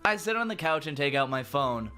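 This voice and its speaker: A lively man reads a fan fiction out loud and keeps breaking off to mock it. His voice sits a bit high, swings up and down a lot, and sounds bright and sharp. Faint music plays behind him. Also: fairly quick. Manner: sarcastic, animated. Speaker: YouTuber reading fan fiction. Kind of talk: dramatic reading with sarcastic commentary.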